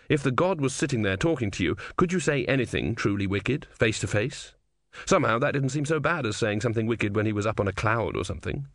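A man narrating a comic fantasy novel in a wry, expressive storytelling manner. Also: on the low side, no room sound, clean studio sound. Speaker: audiobook narrator.

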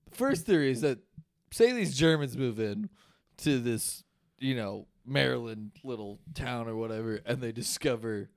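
A man co-hosting a casual podcast, spinning a creepy folk tale with plenty of swearing. He talks in an animated way and breaks into laughter often. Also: medium pitch, normal speed. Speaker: podcast co-host. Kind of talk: casual chat, storytelling folklore.

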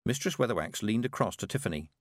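Expressive male storybook narrator. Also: fairly low pitch, fast, no room sound, clean studio sound. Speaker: audiobook narrator.

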